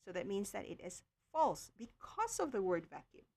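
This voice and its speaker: A woman's voice: medium pitch, sing-song, a little mellow, slightly rough. A woman teaching an online livestream lesson, explaining carefully with many checks of "okay" and filler sounds. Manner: slow, careful explaining with frequent okays and ums. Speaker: online tutor.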